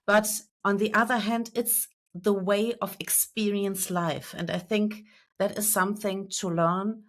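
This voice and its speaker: A woman's voice: mid-range voice, steady tone, measured pace. A woman hosting a podcast interview, thoughtfully summing up and affirming her guest's points. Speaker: podcast host. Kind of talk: interview, reflecting on guest's words.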